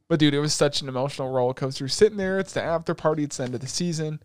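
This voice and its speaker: A man co-hosting a casual podcast, retelling an anime with animated swearing and laughter. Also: fairly high pitch, smooth, no room sound, studio quality. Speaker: podcast co-host.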